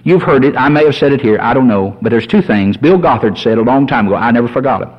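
A man preaching a sermon as a pastor, folksy and animated, telling humorous stories. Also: mid-range voice, fast, slightly rough. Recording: dull lo-fi sermon recording.

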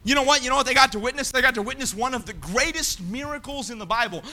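A high-pitched, piercingly bright man preaching. He reads scripture and then drives his points home, swelling into emphatic shouts. The delivery is that of a fiery sermon. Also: fast talker.

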